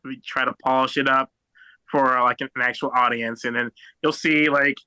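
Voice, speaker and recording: A young American man doing a stand-up set over a video call, halting and rambling with many fillers and restarts. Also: mid-range voice, fairly even intonation, sharp tone, clean tone, no room sound, low-quality recording. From United States. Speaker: stand-up comedian.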